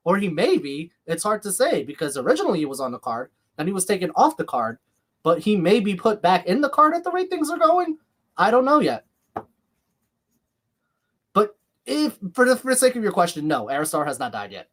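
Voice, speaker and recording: A man's voice: high voice, wildly swooping pitch, brisk, fairly bright tone. A man hosting a live watch-along stream with a slight lisp, chatting casually while calling the action and reading viewer comments. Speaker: livestream host.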